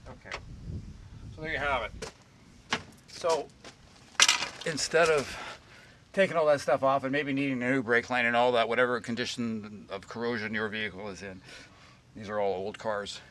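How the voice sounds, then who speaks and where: A man's voice: mid-range voice, steady tone, moderate pace, pauses often, background noise. A man giving a rambling, folksy, self-deprecating how-to talk while working on a jacked-up car outdoors. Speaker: DIY car repair vlogger.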